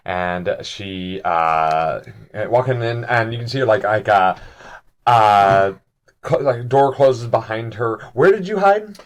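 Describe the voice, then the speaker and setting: A man's voice: fairly low pitch, smooth. A man narrating as game master of a tabletop game, rambling and correcting himself as he goes.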